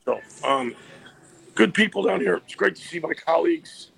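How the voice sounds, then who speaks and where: A hoarse man, an athletic director, calling in by phone to a radio show from outdoors. He chats casually and often restarts his sentences. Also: a little high, animated, normal speed, fairly bright tone. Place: outdoors by a busy street.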